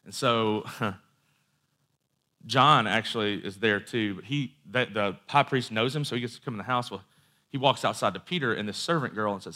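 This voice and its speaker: A man's voice: on the low side, normal speed, bright, forceful tone. A man preaching a sermon in a conversational storytelling way, with asides and quoted voices.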